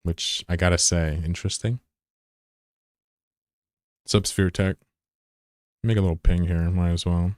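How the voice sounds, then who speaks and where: Low, smooth-voiced man in his thirties streaming. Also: fairly even intonation, fairly quick, few pauses, a little mellow, no echo, studio quality. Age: 30s. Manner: loose, profane, giggly banter with chat. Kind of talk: casual live gameplay commentary.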